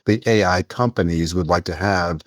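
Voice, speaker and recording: A male podcast co-host with a lowish voice, talking in easy casual chat and laughing often. The sound is dry and close. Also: normal speed, dry recording.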